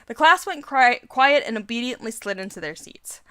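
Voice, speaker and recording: Young female let's-player, chatty reader, bright and a touch high. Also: animated, moderate pace, clear, resonant tone, no echo. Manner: giggly, chatty asides. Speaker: let's play host. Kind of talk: reading a visual novel aloud with commentary.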